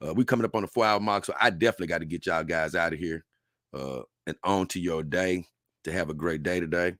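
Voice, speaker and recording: A man with a lowish but bright, forceful voice, chatting casually to his livestream audience. He reads through long lists at an easy pace and drops in offhand remarks. The sound is close and dry, with no room echo. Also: fast talker. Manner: reads lists aloud unhurriedly with asides. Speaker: livestream host.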